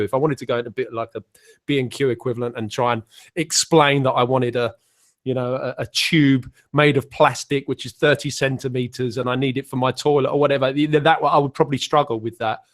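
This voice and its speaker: A man's voice: medium pitch, fairly even intonation, fast. A man, chatting casually on a panel call and rambling with lots of fillers. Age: 40s. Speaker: panel guest. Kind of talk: casual chat.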